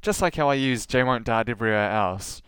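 A man hosting his own podcast, talking straight into a close mic with a smooth, resonant voice. The sound is dry with no room around it, and his delivery is scripted and full of sarcastic jabs. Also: mid-range voice, expressive, a little fast, a bit bright, dry recording. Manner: sarcastic, dry mocking asides. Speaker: podcast host. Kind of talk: scripted solo podcast monologue.

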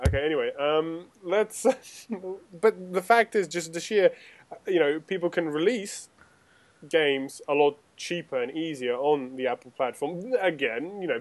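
Teasing host, a man with a slightly high voice. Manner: teasing, lively, steers the talk along. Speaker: podcast host. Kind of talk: casual gaming podcast chat.

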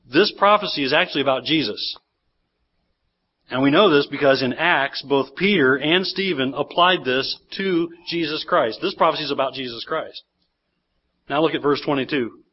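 A man pastor preaching a sermon in a church, animated and acting out the voices he quotes. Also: on the high side, normal speed. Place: church sanctuary. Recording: dull lo-fi sermon recording.

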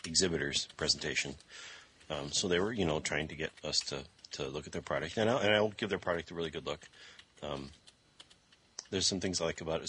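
A man's voice: a bass voice, pushed and bright, a little hiss or hum. A man co-hosting an education podcast, chatting casually and rambling with fillers and restarts. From Michigan, US. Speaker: podcast co-host. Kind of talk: casual chat. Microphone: desk microphone.

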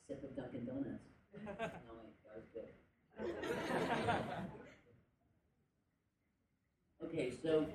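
A man talking casually to a convention panel audience, rambling with jokey asides and quick tangents. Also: medium pitch. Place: indoor convention panel room. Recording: echoey room, distant mic, faint noise.

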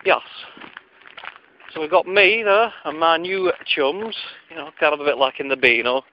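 A man's voice: fairly high pitch, moderate pace, a little hiss or hum. A man telling a comic story from his childhood in a wry, digressive, self-mocking way, on a lo-fi recording.

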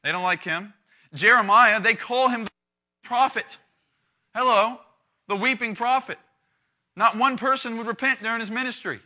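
A man preaching as youth pastor uses a very high voice at a moderate pace and pauses often. His talk to the youth group is lively and conversational, and he acts out the quotes he reads with large volume swings.

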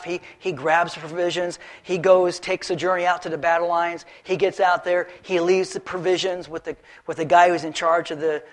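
Guy preaching, lively story-style sermon, voice a bit high. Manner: animated storytelling, acts out characters. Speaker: pastor.

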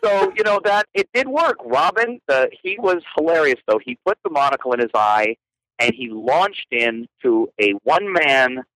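A playful man from Canada tells anecdotes as a podcast guest, his pitch leaping around as he gets into the story. The recording is close and dry, with no room sound. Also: normal speed, no echo, rough recording. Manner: animated, playful, frequent laughter. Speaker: guest photographer.

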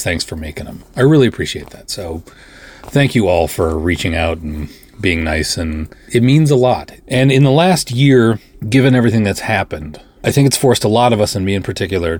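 A man's voice: on the low side, breathy edge. A middle-aged man hosting a podcast, talking casually in a self-deprecating, joking way. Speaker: podcast host. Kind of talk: casual monologue.

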